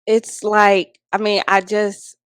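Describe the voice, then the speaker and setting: A young adult woman chatting candidly as a podcast guest, animated and emphatic, with frequent swearing. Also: mid-range voice, slow, smooth, no echo, clean studio sound. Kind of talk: candid casual chat.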